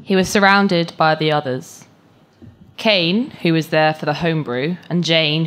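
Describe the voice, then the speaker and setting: A woman reading a short story aloud at a live event, with measured, expressive narration. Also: sits low. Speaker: story reader.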